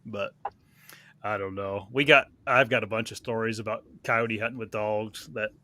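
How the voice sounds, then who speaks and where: Laid-back bright-voiced man telling stories. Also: on the low side, fairly even intonation, moderate pace. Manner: laid-back, rambling, filler-heavy. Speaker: podcast co-host. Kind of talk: casual storytelling chat.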